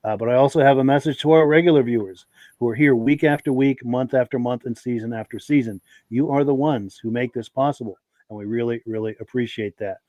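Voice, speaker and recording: A man hosting a live podcast with a gravelly voice and a lingering cough. He talks straight to his viewers in a friendly way. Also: medium pitch, a little fast, dry recording, narrow, tinny audio. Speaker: podcast host.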